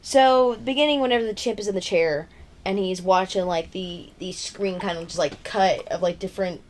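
A woman co-hosting a podcast, chatting casually about a movie with quick quips and reactions. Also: medium pitch, slight background noise. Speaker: podcast co-host.

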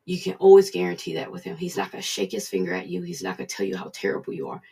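Casual devotional preacher, raspy and a bit breathy, distant mic, repeats lines for emphasis. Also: medium pitch, sing-song, very fast, mellow. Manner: conversational, repeats points for emphasis.

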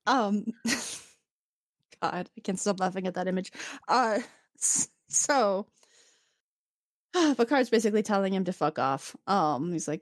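A woman in casual chat, retelling an episode with lively storytelling and laughing often. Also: mid-range voice, takes it slowly, long pauses, no echo, clean studio sound. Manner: animated storytelling, acting out characters' lines. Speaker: podcast co-host.

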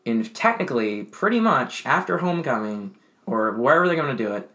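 A young man co-hosting a casual podcast, rambling and animated with frequent laughs and restarts. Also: medium pitch, a little fast. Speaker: podcast co-host. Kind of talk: casual chat.

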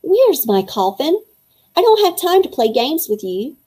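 A fretful little vampire boy who talks too much and pleads his case in earnest, as a woman reads him aloud. The voice sits a touch high, with a mellow, soft-edged tone. It sounds like a storybook character. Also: lively intonation, fairly quick. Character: young boy vampire student, talkative and anxious.

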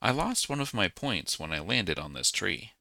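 A man voicing a sweet, gentle little girl snowflake in a storybook, soft and hopeful. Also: deep voice, sing-song, moderate pace, vocal fry, dry recording, heavily acted.

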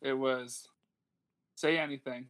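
Man, podcast co-host, casual chat, rambling, enthusiastic, swears, average pitch. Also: steady tone, slow pace, a bit bright. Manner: rambling, enthusiastic, swears often, many fillers.

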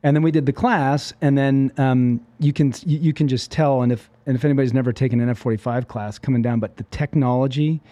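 A man who runs a fitness franchise, telling his story in a casual interview with an animated manner and lots of fillers. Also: medium pitch, a little fast, few pauses, no room sound, lo-fi sound.

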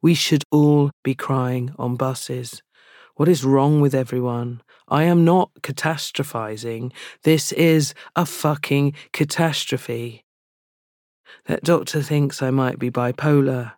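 Slow, flat-voiced male spoken-word poet. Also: medium pitch, no room sound, clean studio sound. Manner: slow, even, intimate delivery. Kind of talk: confessional spoken-word poetry.

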